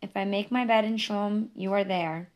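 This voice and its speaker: Woman narrator voicing a devout man, slow solemn scripture reading, memoir audiobook. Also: medium pitch, close to an everyday voice.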